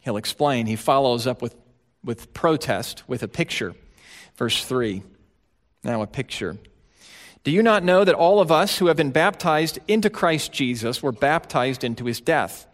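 A man preaching a sermon as pastor, emphatic, swinging between quiet, low passages and loud, urgent ones. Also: expressive, a little slow.

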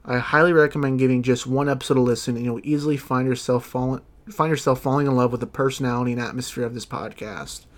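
A man's voice: mid-range voice, fairly even intonation, fast talker, few pauses. A young man hosting a podcast in casual, profane chat, often stumbling over his words and laughing. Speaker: podcast host.

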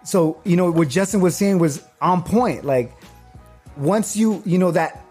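A man's voice: high-pitched, a little slow, a little mellow, breathy edge, soft background music. A man co-hosting a podcast, speaking in casual chat and often affirming the others. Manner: affirming, conversational. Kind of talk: casual faith discussion.

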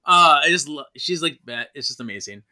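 Bright, lively enthusiastic podcast man. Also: fairly high pitch, brisk. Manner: enthusiastic, laughing, swears. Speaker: podcast co-host. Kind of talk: casual chat.

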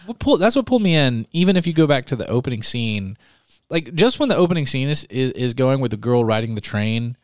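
A man's voice: medium pitch, big pitch swings, dry recording, clean studio sound. A man co-hosting a casual movie chat who agrees often and restarts his sentences. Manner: agreeable, frequent yeahs, halting restarts.

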